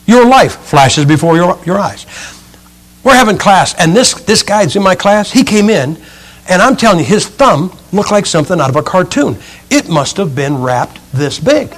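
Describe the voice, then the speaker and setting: A middle-aged man preaching a sermon with animated, folksy storytelling and humor. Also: high-pitched, normal speed.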